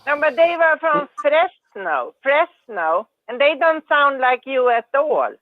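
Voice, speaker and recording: High slow-talking woman on a phone line. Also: animated, dry recording. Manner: hesitant, searching for words. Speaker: caller in group chat. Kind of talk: casual chat. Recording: tinny dry phone line.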